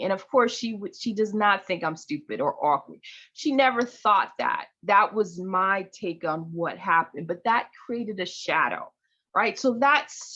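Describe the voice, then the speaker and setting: Woman talking on a video call, mid pitch, casual explaining, keeps saying right?, kinda muffled lo-fi audio. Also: fairly bright tone. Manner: conversational, often tags "right?". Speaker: intuitive healer leading a discussion. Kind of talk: casual teaching talk on a group call.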